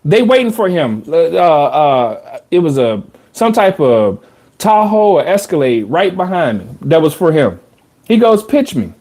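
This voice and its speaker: A man hosting a podcast, telling a personal story in a casual, animated way, full of slang and repeated phrases for emphasis. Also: a little high, measured pace. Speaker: podcast host.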